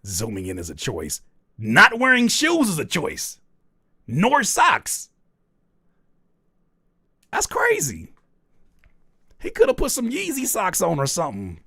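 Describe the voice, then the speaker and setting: A man's voice: sits high, slow, creaky, long pauses, slightly rough, no room sound, studio quality. A man hosting a livestream, chatting casually as he reads the chat and teases his viewers with mock scolding. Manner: animated, teasing, mock-scolding. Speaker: livestream host reading chat.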